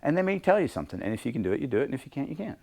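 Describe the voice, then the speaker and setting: A middle-aged man leading a workshop on leadership, talking in a lively way and acting out bits of dialogue in different voices. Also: mid-range voice, very fast, gravelly. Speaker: leadership coach. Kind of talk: workshop talk. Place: workshop room with a small group.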